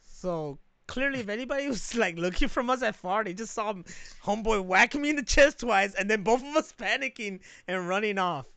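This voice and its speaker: Male co-host, high and bright, animated storyteller, swears freely. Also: normal speed, gravelly, few pauses, clear, resonant tone, no room sound. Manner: animated, profane, laughs a lot. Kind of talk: casual chat, storytelling.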